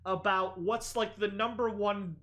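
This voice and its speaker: A live streamer giving casual reaction commentary, excitable, gushing loudly and then trailing off into mumbles. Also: medium pitch, unhurried. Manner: excitable, swings between loud gushing and mumbling. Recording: clear music under the voice. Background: background music.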